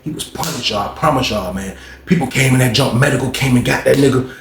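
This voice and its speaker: A man with a gravelly voice tells a story casually, slangy and animated. His voice sits in a mid range and carries a roomy echo. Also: medium pitch, quick pace, a little hiss or hum.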